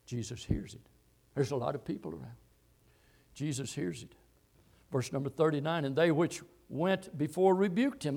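A man preaching a sermon, quoting scripture and repeating phrases, swinging between loud, high exhortation and low, quiet telling. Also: normal speed, gravelly. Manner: reads and quotes scripture verses.

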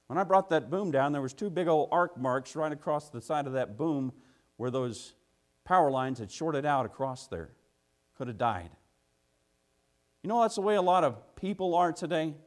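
A man preaching a sermon, telling a folksy work story that builds into loud, urgent preaching. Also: a little high, lively intonation, normal speed.

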